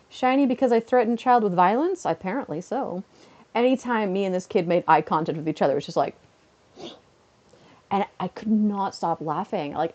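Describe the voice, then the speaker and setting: A woman's voice: mid-range voice, mellow, lo-fi sound. A woman chatting casually on a home stream, giggling at her own jokes. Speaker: live streamer and teacher.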